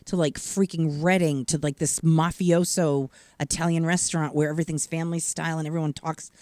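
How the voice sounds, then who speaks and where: A woman's voice: low voice, fairly quick, no echo. A woman from New co-hosting a live stream, joking and telling stories in casual banter. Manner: animated, joking, storytelling. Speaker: co-host.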